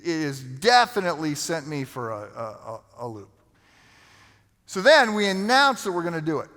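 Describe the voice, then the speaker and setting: A male pastor telling a story in a conversational sermon, with halting restarts. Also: on the high side, fairly bright tone. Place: large church sanctuary. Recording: long hall reverb.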